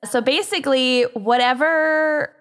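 A woman's voice: high voice, measured pace, fairly bright tone. A woman with a Minnesotan accent co-hosting a podcast, laughing at herself as she introduces the show. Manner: laughing, self-deprecating. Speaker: podcast co-host. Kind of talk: casual chat.

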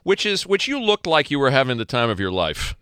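A man's voice: mid-range voice, sing-song, brisk, bright, forceful tone, clear, resonant tone, no room sound, studio quality. A man hosting a podcast, asking casual interview questions with chatty film-buff asides. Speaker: podcast host.

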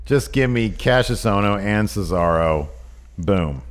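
A man co-hosting a casual chat podcast, eagerly pitching ideas in an animated way. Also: measured pace. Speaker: podcast co-host.

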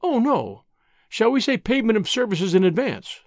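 A man reading an audiobook, voicing a clever young woman who answers with sweet, poised, teasing calm. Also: sits high, brisk, no room sound, studio quality. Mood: sweetly poised. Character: clever, cheeky young woman, coolly bluffing.

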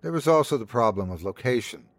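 A man's voice: medium pitch, lively intonation, quick pace, no echo. A man hosting a podcast, giving dramatic scripted narration of a horror story.

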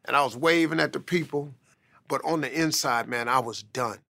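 Gravelly man telling a life story. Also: medium pitch, normal speed, bright, forceful tone. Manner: emphatic, repeats "man" for stress. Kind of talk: motivational storytelling.

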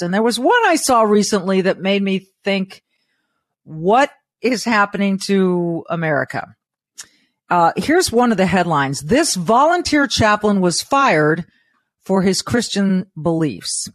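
A woman hosting an interview podcast, talking in a brisk, emphatic way. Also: mid-range voice, lively intonation, no room sound, clean studio sound. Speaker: podcast host. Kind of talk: casual interview chat.

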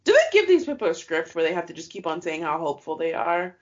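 A woman's voice: lowish voice, sing-song, fast. A woman co-hosting a casual recap chat, making wry joking asides. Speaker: podcast co-host. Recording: dull lo-fi sound.

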